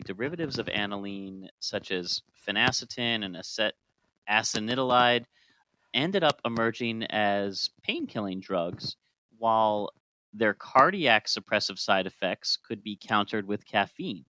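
A man's voice: on the low side, animated, a little slow, pushed and bright, no room sound, rough recording. A man co-hosting a casual podcast, telling chemistry history in a playful, joking way. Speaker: podcast co-host.

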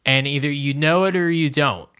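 A young man with a bright, forceful voice, co-hosting a podcast. He talks casually and rambles, with jokes along the way. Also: fairly high pitch, normal speed, clean tone. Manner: rambling, jokey, laughs often. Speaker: podcast co-host. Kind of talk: casual chat.

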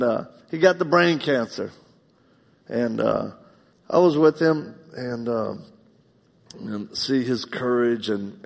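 Husky, gravelly preacher in a reverberant hall. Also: male voice, medium pitch. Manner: heartfelt, swings from loud emphatic bursts to hushed storytelling. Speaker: pastor. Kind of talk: live sermon with personal storytelling. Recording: long reverb of a large hall.

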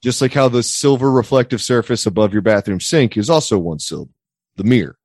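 A man's voice: medium pitch, animated, fast talker, a little mellow, dry recording, studio quality. A man in casual podcast chat, rambling and joking with lots of restarts. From Pennsylvania area. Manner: rambling, jokey, restarts and stumbles. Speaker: podcast co-host.

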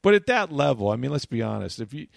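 A man co-hosting a casual sports talk show, telling animated stories about his playing days. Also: mid-range voice, fast talker, vocal fry, no room sound, studio quality. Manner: storytelling, animated anecdotes. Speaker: co-host, former player turned broadcaster.

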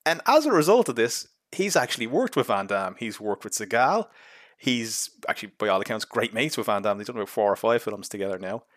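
A man's voice: lowish voice, lively intonation, fairly quick, no room sound, clean studio sound. A young man giving blunt, sarcastic, chatty commentary on films as a show host. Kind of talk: casual film commentary.

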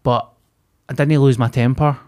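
A man's voice: medium pitch, steady tone, moderate pace, a little mellow. A man, co-hosting a podcast and telling a vivid, sweary story in casual chat. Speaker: podcast co-host.

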